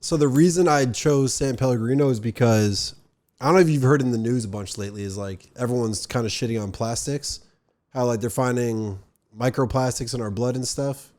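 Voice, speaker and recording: A man's voice: medium pitch, brisk, a little mellow. A young man from northern New Jersey hosting a casual podcast, rambling with lots of fillers. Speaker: podcast host. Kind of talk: casual chat.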